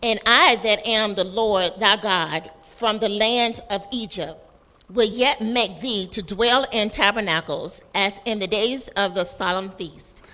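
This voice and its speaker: Slow, bright-voiced woman reading scripture. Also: mid-range voice, long reverb tail. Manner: careful, deliberate reading of verses. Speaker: class member reading aloud.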